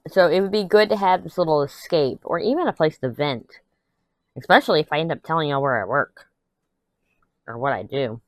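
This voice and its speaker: While crafting, a young adult woman vlogger rambles and vents to her audience in a candid chat punctuated by laughs. Her low voice runs a little fast, and the recording has no echo.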